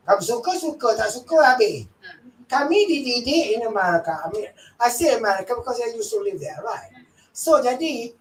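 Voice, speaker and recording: A woman in her fifties with a Malaysian accent gives a workshop lecture in a lively storytelling manner, acting out the voices she quotes. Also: on the high side, brisk. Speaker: workshop speaker. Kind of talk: lecture mixing Malay and English. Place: training hall. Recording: echoey hall, mic at a distance, faint room noise.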